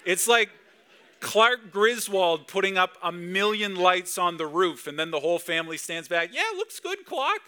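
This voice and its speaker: A man's voice: high-pitched, steady tone, moderate pace, sharp tone, clear, resonant tone. A man preaching a Christmas Eve sermon in a church service, chatty and full of rhetorical questions to the crowd. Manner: conversational, asks the crowd lots of rhetorical questions. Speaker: pastor.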